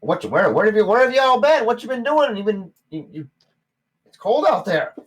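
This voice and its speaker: A man voicing an excitable male gnome innkeeper who stammers and repeats himself. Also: high voice, fairly quick, pitched above the performer's own voice, poor audio. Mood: flustered.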